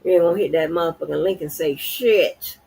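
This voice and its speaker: Husky woman ranting furiously. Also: fairly low pitch, a little fast, mellow, poor audio. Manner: profane, heated, confrontational. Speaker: livestream host. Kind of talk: angry unscripted rant.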